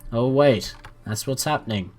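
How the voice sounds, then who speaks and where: A man casually commenting on a strategy game as he watches, playful and jokey, with excited outbursts. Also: medium pitch, moderate pace. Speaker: gaming commentator.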